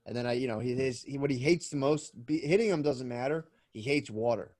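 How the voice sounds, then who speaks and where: Thirties man, crude rambling podcast storyteller, mid pitch, dry close sound. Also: fairly quick, darkish tone, no echo. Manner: rambling, profane storytelling with acted-out outbursts. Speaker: podcast co-host. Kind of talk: casual chat.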